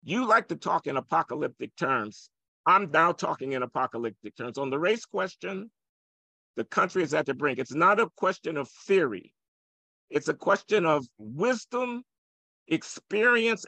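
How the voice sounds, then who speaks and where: An older man, an economist guest, arguing forcefully and provocatively in an interview. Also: a little high, creaky, no echo. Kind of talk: heated interview argument.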